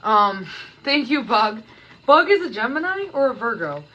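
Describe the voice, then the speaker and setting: A woman's voice: on the high side, big pitch swings, normal speed, dull audio, heavy background noise. A woman live-streaming from her kitchen, chatting casually with viewers and playfully scolding them as she cooks. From Canada. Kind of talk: casual live-stream chat while cooking.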